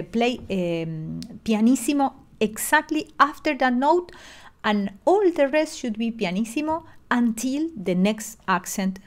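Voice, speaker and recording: Middle-aged woman; online lesson delivery, patient, explanatory, many restarts. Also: medium pitch. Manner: explanatory, with frequent fillers and restarts. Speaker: music lecturer.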